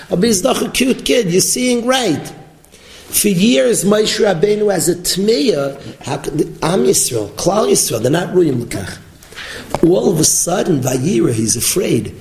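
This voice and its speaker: A man giving a Torah class as a rabbi, animated and storytelling, mixing Hebrew and Yiddish terms into his talk. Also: high voice, reverberant, poor audio. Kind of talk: sermon-style Torah lecture.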